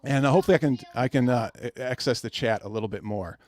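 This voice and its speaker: A man's voice: medium pitch, fast talker, a little mellow. A man hosting a podcast from home, ranting in a heated, mocking way with many stumbles and restarts. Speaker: podcast host.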